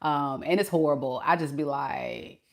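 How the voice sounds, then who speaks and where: A woman's voice: low voice, moderate pace. A woman tarot reader hosting a casual live stream. She chats playfully with her viewers, greets them, and laughs often.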